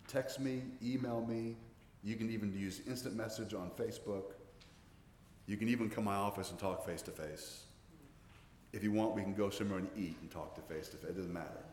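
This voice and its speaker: A pastor in his sixties preaches an earnest sermon in a fairly low voice, often repeating words as he restarts his sentences. The church recording has roomy hall reverb and a little hiss or hum.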